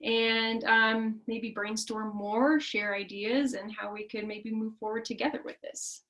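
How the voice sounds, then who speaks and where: Woman hosting a zoom chat, kinda high voice, relaxed and a bit hesitant. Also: a little slow. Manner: easygoing, hesitant with ums. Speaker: meeting host. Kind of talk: casual video call talk. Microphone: video call.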